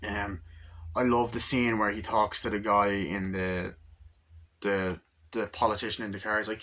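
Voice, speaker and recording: A man's voice: lowish voice, steady tone, moderate pace, bright, forceful tone. A young man giving a casual movie review, rambling and acting out lines from the film in raised voices.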